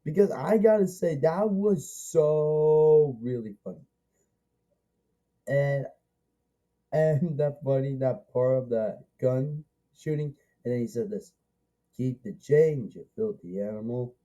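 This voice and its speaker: Slow-talking man, very dark mellow voice. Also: a little high, poor audio. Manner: rambling and repetitive, eager, many restarts. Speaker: movie reviewer. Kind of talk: casual spoken movie review.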